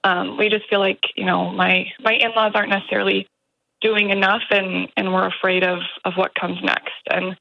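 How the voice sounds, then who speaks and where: Hesitant woman caller with a gravelly voice. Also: medium pitch, level tone, normal speed, dry recording, lo-fi sound. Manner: hesitant, with many ums. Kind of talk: phone-in question.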